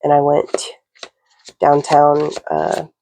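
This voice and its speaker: Gravelly, mellow woman rambling casually. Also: low-pitched, monotone, slow, slight background noise, rough recording. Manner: rambling, filler-heavy, casual swearing. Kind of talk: casual spoken reading to camera.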